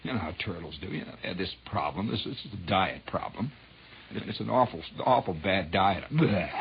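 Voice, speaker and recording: A man telling a dramatic true story on old radio, dropping to hushed whispers and rising to loud swells. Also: fairly low pitch, slight background noise. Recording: dull lo-fi 1960s radio recording.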